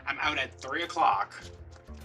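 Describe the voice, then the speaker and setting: A man casually telling a story while crafting at home, animated and chatty, acting out the other people in it. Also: on the high side, normal speed, recorded from a distance, faint music behind. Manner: chatty, animated retelling with quoted dialogue. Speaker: vlogger.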